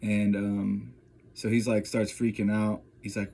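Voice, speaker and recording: A man's voice: on the low side, little pitch movement, unhurried, vocal fry, dark tone, husky. A man telling a personal story in a loose, casual way, full of fillers and constantly checking in with the listener. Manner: rambling, filler-heavy, keeps checking in with "right?" and "you know?". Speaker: vlogger.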